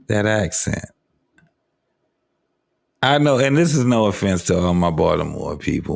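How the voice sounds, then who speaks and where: Podcast co-host casting: gruff man with a low voice, blunt and profane reaction commentary. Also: lively intonation, unhurried. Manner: blunt, cussing, ranting. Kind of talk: profane commentary over a clip.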